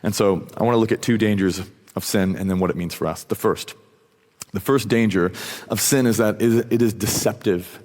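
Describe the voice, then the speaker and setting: A pastor preaching a sermon in a casual, animated storytelling way, acting out quotes. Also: male voice, on the low side, normal speed, long reverb tail. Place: church auditorium.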